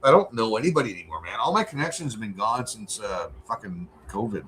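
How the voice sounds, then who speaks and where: A man's voice: lowish voice, expressive, fast, fairly bright tone, slight background noise. A man chatting casually and bluntly, swearing often and getting worked up as he talks, at home. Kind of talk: casual profane chat.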